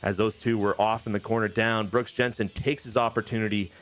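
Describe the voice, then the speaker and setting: A man with a fairly low voice tells a joking, animated play-by-play of wrestling game matches. Faint music plays behind him while he talks. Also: fairly quick. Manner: animated, jokey play-by-play storytelling. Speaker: co-host recapping a wrestling game. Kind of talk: casual gaming chat.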